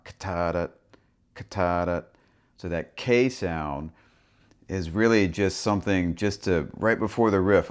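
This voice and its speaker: A man teaching a harmonica lesson, talking through the rhythm and sounding out syllables as he explains. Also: low-pitched. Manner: relaxed, thinking aloud, speaks rhythm syllables and soft whispers. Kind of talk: instructional explanation with vocal rhythm demonstrations.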